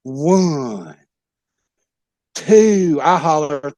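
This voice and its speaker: A former pro wrestler telling a rowdy, profane story as a podcast guest. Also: male voice, medium pitch, lively intonation, a little slow, no echo. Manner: profane, loud tall-tale telling. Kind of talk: animated comic storytelling.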